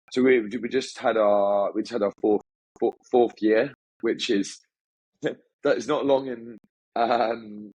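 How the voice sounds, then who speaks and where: Man, low voice, husky, upbeat interview guest, dry close sound. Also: darkish tone, dry recording, poor audio. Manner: upbeat, talks in quick bursts with many restarts. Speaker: guest, agency founder. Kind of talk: casual interview talk.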